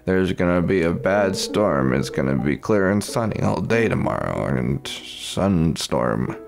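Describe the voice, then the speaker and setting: Bumbling male TV weatherman, done by a man; low, gravelly. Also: animated, unhurried, heavily acted. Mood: announcing. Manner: announcer patter, mixed-up forecast. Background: video game music.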